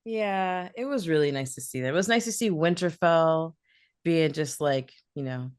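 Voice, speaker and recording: Woman, podcast co-host, casual animated chat, low voice, dry sound. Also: clear, resonant tone, dry recording. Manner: chatty, animated, quick to laugh.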